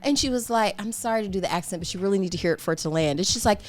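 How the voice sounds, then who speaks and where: A chatty woman co-hosting a podcast in easy, casual conversation. She tells stories at a mid-range pitch and laughs often. Faint music sits in the background. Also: racing, hardly any pauses. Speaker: podcast co-host. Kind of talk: casual chat.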